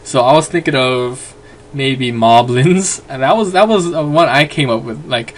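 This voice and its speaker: A man's voice: a little high, normal speed, slight background noise. A young man talking casually in a home vlog, rambling with lots of fillers. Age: young adult. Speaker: vlogger.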